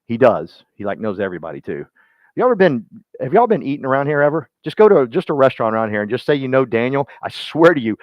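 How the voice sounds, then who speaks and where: A man giving a folksy, animated motivational talk to his real estate team, speaking to listeners by name. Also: fairly high pitch, fast talker, dry recording. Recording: dull lo-fi sound.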